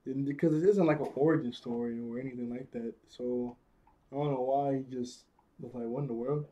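A man's voice: medium pitch, fairly even intonation, fairly quick, warm tone, muffled recording. A man casually recapping a cartoon episode in slangy talk, often laughing and correcting himself.

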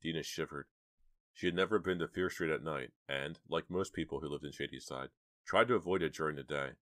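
A man narrating an audiobook in a measured, steady way. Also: extremely low pitch, dry recording, clean studio sound.

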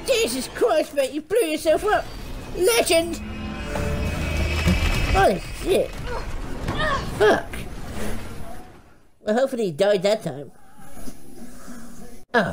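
High-voiced woman yelling at a game. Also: slow, pauses often, soft background music, low-quality recording. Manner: foul-mouthed, yelling insults at the game; excitable, frequent panicked outbursts. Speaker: gaming channel host. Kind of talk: let's play commentary.

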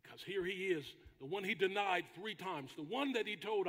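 Pastor, male, husky voice with a high pitch, preaching in a hall with long reverb, dramatic pauses and shouted lines. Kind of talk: sermon. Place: church sanctuary.

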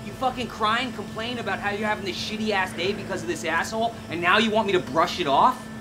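An actor playing a short-tempered husband who swears and shouts easily. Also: male voice, sits high, quick pace, background noise, close to an everyday voice. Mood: furious. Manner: explosive, swearing, then sheepish.

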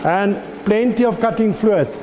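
A man's voice: sits high, measured pace. A man teaching at a lathe in an engineering workshop, giving a patient, step-by-step demonstration. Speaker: lecturer. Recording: reverberant workshop with faint ambient noise.

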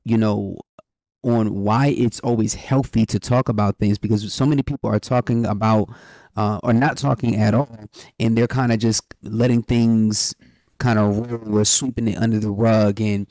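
A man's voice: lowish voice, steady tone, moderate pace, warm tone, no room sound. A man co-hosting a podcast with his wife, talking in a casual, slangy, rambling way with lots of fillers. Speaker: podcast co-host.

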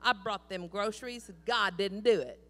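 A woman voicing a gruff atheist man next door, loud and mocking. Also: mid-range voice, moderate pace, big-room sound, close to an everyday voice.

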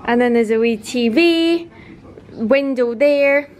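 A young woman, chatting excitedly to a handheld camera in a casual vlog and laughing often. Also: fairly high pitch, takes it slowly, slight background noise. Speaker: vlogger.

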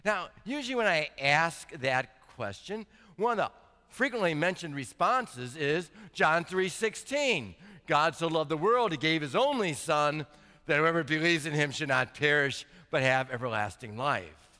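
Bright-voiced pastor in a reverberant church. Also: male voice, a little high, lively intonation. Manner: reads scripture slowly and deliberately; builds to emphatic, rising intensity. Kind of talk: sermon. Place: church sanctuary.

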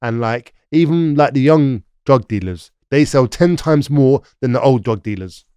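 A man's voice: mid-range voice, normal speed, warm tone, smooth, no room sound. Rambling London man telling stories. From London, England. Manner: rambling, frequent "like" and "yeah?" tag questions. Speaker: podcast guest. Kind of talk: casual storytelling interview.

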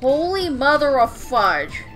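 A young woman giving casual gameplay commentary, excitable and playful, with mild joke swearing. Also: sits high, takes it slowly, soft background music. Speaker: gamer.

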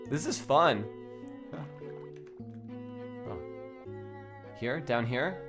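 A young man streaming a game in a casual, giggly way, thinking aloud and chatting excitedly with his viewers. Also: mid-range voice, takes it slowly, pauses often. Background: faint background music.

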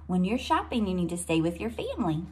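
A teacher reading a picture book aloud to young children, pausing to explain words and point at the pictures. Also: female voice, fairly low pitch, very animated, a little mellow.

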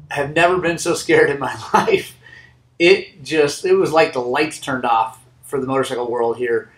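A man who owns a motorcycle shop tells his own story in a heartfelt, halting way, recorded inside his shop. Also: fairly high pitch, fairly bright tone, roomy sound, poor audio. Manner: earnest, heartfelt, halting with restarts. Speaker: motorcycle shop owner and channel host. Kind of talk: personal storytelling to camera.

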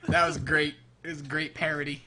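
A man co-hosting a casual gaming podcast, telling animated stories and acting out the lines he quotes. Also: on the high side, fairly quick, a little hiss or hum. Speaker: podcast co-host.

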